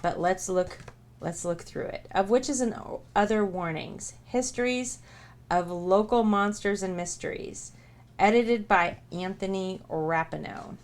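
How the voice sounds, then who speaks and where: A woman's voice: mid-range voice, unhurried. A woman hosting a live stream, chatting playfully and reading a booklet aloud. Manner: playful, jokey, laughs often. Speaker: livestream host.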